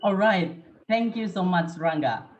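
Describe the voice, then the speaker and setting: Young student from Papua, mid-pitched, earnest class talk, muffled recording. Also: lively intonation, a little slow, recorded from a distance. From Papua, Indonesia. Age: young adult. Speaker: student presenter. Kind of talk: class presentation. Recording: dull lo-fi recording.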